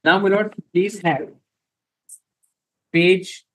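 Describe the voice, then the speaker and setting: Male advocate, formal courtroom pleading, deferential yet emphatic, slightly high voice. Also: fairly even intonation, drawn-out words, fairly bright tone, low-quality recording. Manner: deferential, repeatedly saying my lord; emphatic, reads passages from documents.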